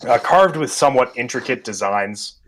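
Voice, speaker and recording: A man's voice: mid-range voice, lively intonation, moderate pace, a bit bright. A man narrating a tabletop horror game as game master, describing scenes with many ums and uhs.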